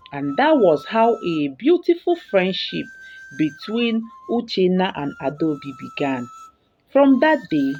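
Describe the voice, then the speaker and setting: A woman telling a folktale as scripted storybook narration, in an expressive, dramatic way. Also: on the low side. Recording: dull recording with background music.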